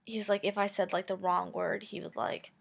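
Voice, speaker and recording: A woman's voice: mid-range voice, little pitch movement, fairly quick, vocal fry. A woman in her twenties telling a personal story to camera in a casual, chatty way, full of "like" and "um" and frank swearing. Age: 20s. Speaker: vlogger.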